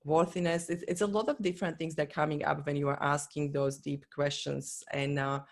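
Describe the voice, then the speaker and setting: Coach, motivational talk, earnest, encouraging, non-native English phrasing, mid pitch. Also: little pitch movement, brisk. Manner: earnest, encouraging, speaks directly to the listener. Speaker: business and life coach.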